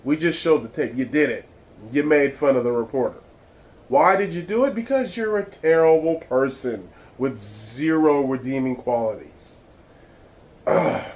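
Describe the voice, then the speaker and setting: A man's voice: mid-range voice, measured pace, a little mellow, rough recording. A man hosting his own vlog, giving blunt, exasperated and profane commentary. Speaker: vlog host. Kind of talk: casual ranting commentary.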